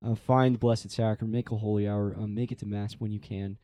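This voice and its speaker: With a fairly low, smooth voice and a brisk pace, a young priest relates a personal story in a relaxed interview, recorded without echo. He's animated, acts out quoted voices, and says "like" often.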